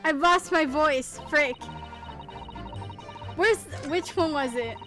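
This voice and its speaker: Excitable high-voiced woman streamer. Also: takes it slowly, soft background music. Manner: excitable, laughs often, mild swearing. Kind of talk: casual game let's play.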